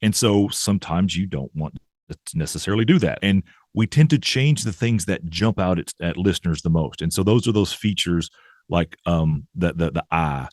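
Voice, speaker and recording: A man's voice: sits low, moderate pace, darkish tone, dry recording, clean studio sound. A man, a professor guest in an interview, explaining ideas thoughtfully with frequent restarts and "right?" tags. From American South.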